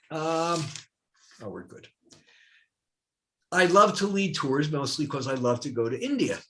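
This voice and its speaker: An older man from New Jersey, a retired professor, telling personal anecdotes in a dialogue as a guest. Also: a little high. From New Jersey, USA. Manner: animated anecdotal storyteller. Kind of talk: storytelling in a dialogue.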